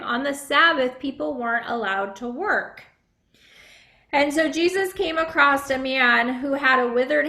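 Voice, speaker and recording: A woman's voice: fairly high pitch, bright, forceful tone. A woman pastor giving a children's message, asking the children friendly questions. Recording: echoey room.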